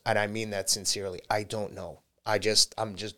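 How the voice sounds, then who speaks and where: A man with a low voice speaks candidly as an interview guest. He talks casually and laughs often, sometimes dropping into quoted voices. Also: little pitch movement, fairly quick, hardly any pauses, bright, forceful tone. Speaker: podcast guest, marathon runner.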